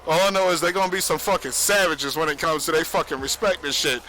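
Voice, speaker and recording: A man's voice: fairly high pitch, steady tone, fast talker, bright, forceful tone, faint music behind, rough recording. A young man rambling casually on a livestream, profane and boastful, laughing often. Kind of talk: rambling casual stream monologue.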